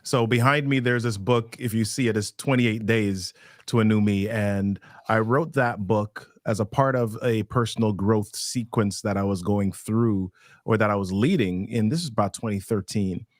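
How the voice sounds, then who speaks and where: A man's voice: on the low side, moderate pace, no room sound, studio quality. A man hosting a conversational interview who listens attentively and answers with short affirmations before telling his own story. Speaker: workshop host.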